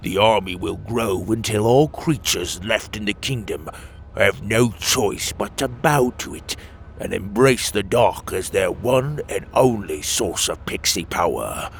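A man's voice: fairly low pitch, a little slow, gravelly, slight background noise. Man doing a snarling, menacing toad warlord. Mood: cold. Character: sinister male toad warlord, cold and commanding.

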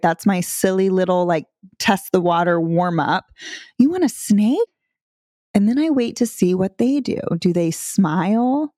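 A woman's voice: fairly low pitch, a little mellow, no echo. Playful mom-coach in her 30s chatting about parenting, laughs a lot, dry close sound. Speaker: parenting coach and podcast host. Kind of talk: casual instructional talk.

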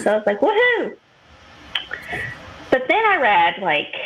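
A woman's voice: mid-range voice, dull audio, slight background noise. A woman, telling a long personal story as a podcast co-host and acting out what others said. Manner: animated storytelling, acts out quotes. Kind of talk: casual chat.

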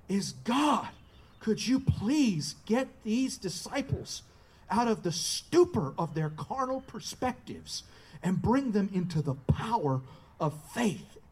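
Guy preaching a sermon, leans hard on key lines, chuckles now and then. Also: very high voice. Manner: emphatic, rising and slowing on key phrases; chuckles between points.

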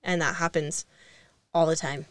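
A young woman talks in a relaxed, chatty way, rambling through a story with fillers and small laughs. Her voice sits a little low and sounds smooth and clear. The room is dry, with no echo. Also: moderate pace. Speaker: co-host. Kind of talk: casual podcast conversation.

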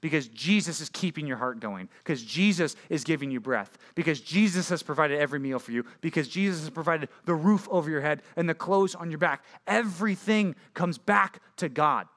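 A young man preaching a sermon to junior high students in an animated, conversational way, full of rhetorical questions. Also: a little fast, few pauses. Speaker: youth pastor.

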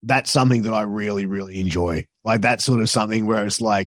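A man's voice: on the low side, quick pace, dry recording, clean studio sound. An Australian man, a podcaster and wrestling announcer, chatting casually as a guest, swearing freely and filling his talk with asides. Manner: profane, loose, full of fillers.

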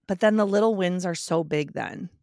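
A woman guest on a podcast, talking in a candid, animated way with emphatic swings in pitch and loudness. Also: normal speed, no room sound, clean studio sound. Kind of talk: casual podcast conversation.

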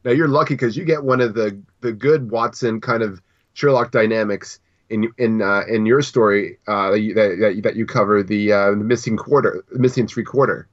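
A man's voice: fairly low pitch, moderate pace. A man from Canada co-hosting a book podcast, talking in a rambling casual way with many restarts. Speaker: podcast co-host. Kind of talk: casual chat. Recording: dull lo-fi audio.

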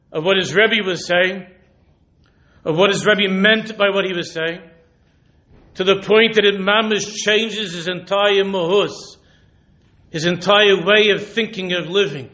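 A man, a rabbi, giving a Torah lecture who mixes Hebrew and Yiddish terms into his English and presses his listeners with rhetorical questions. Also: high-pitched. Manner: drops to a hushed, intimate voice when retelling a story. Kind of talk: sermon.

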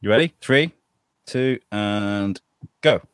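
A man's voice: fairly low pitch, takes it slowly, clear, resonant tone, no room sound, clean studio sound. A man, hosting and setting up improv games in chatty, stop-start talk. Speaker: podcast host. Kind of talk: casual chat, running improv games.

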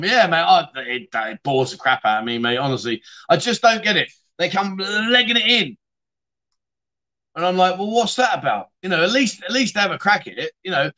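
His voice is fairly high and sharp in tone. A middle-aged host of a relaxed livestream chat show, he goes through viewer comments and drifts into rambling stories, chatting away with mates' banter.

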